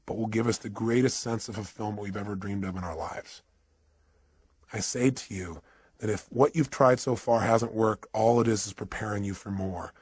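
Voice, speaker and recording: Male motivational speaker, husky voice, dramatic storytelling, dry close sound. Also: fairly low pitch, dry recording. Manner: dramatic, building, swings from hushed to urgent.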